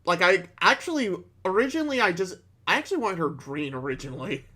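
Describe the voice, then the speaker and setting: Bright-voiced young man joking around. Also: sits high, sing-song, fast talker. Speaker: podcast co-host. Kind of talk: casual chat.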